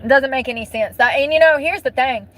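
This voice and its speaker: Her voice is high-pitched and fairly bright, and she talks a little fast over poor-quality audio. This woman vlogger delivers an emotional, profane rant at her viewers, bluntly repeating phrases for emphasis.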